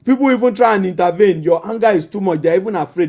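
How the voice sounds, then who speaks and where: A man's voice: high-pitched, quick pace, hardly any pauses, darkish tone. A man with a Nigerian accent, a marriage counselor giving an emphatic teaching that addresses the listener directly and repeats key phrases.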